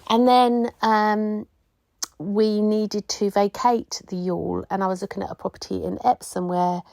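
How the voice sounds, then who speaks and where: Middle-aged woman hosting her own podcast, reminiscing with loose asides, mid-pitched voice, dry recording. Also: steady tone, a little slow, creaky, darkish tone, no echo. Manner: rambling, reminiscing storyteller with many asides. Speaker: podcast host. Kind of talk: casual solo podcast monologue.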